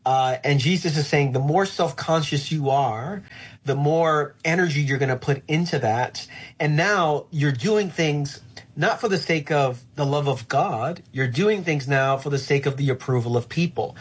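A middle-aged male pastor talking through faith in an earnest, thoughtful way, slowing down to land his key points. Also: fairly high pitch, slightly rough. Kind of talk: reflective faith conversation.

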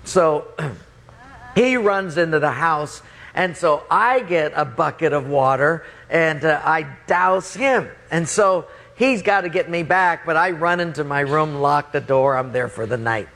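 A man's voice: a little high, measured pace, vocal fry, a bit bright. A man animatedly telling a funny story from his own life, often laughing as he talks.

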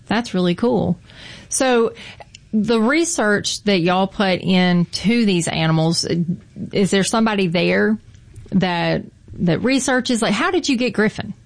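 A woman's voice: medium pitch, measured pace, creaky. A woman with a Mississippi Southern accent hosting a radio interview, chatty and folksy. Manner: chatty, folksy, says y'all. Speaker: radio show host.

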